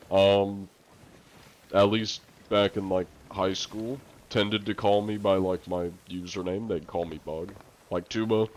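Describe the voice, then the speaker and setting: A young male streamer with a low, deep voice chats loosely with his viewers. He rambles, fills gaps with "like" and "um," and swears now and then. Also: a little hiss or hum. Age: young adult. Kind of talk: casual stream chat answering viewer questions.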